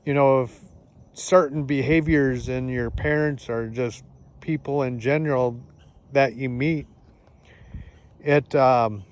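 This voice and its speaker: A man talking to the camera in a casual, halting way, with many fillers and restarts, outdoors in the countryside. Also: mid-range voice, fairly even intonation. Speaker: vlogger. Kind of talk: casual spoken reflection.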